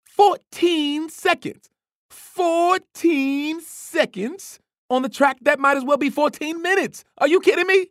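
A reader voicing a loud, excitable male track coach who yelps and howls in a storybook reading. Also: medium pitch, dry recording, clean studio sound, voice pushed up. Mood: exasperated. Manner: yelping, howling, drawn-out shouts.

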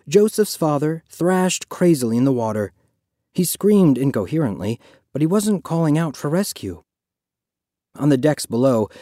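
Mellow-voiced male audiobook narrator. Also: no echo, studio quality. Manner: measured, dropping low and quiet in somber passages.

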